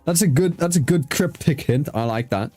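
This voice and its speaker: A man's voice: a little high, expressive, normal speed, dark tone, no echo, soft background music. A man hosting an interview show, chatting casually with a guest, laughing often and swearing freely. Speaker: host. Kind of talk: casual chat.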